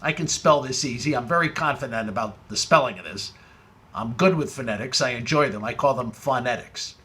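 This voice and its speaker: A comedian with a medium-pitched voice tells a comic story in stand-up style at a brisk pace. It's packed with wordplay, and his excitement rises as he builds to the punchlines.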